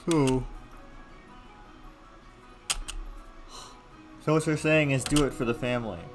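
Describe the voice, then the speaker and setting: A man's voice: medium pitch, steady tone, quick pace, over music, lightly acted. A man voicing a bold, defiant noble girl in a visual novel.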